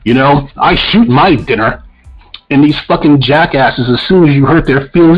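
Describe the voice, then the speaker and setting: A man's voice: medium pitch, expressive, unhurried, breathy edge, dull audio, soft background music. Blunt, profane man ranting on a podcast. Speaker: podcast co-host. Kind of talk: casual opinionated podcast talk.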